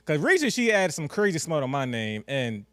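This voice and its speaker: A young man co-hosting a casual podcast, telling a story in an expressive way and laughing often. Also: on the high side, a little fast, dry recording.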